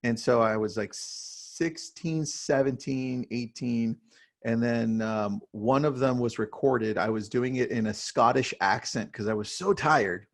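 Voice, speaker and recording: A man in his thirties, a real estate team leader, speaking as a podcast guest in an energetic, storytelling manner and often tagging his points with "right?". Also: mid-range voice, a little slow, gravelly.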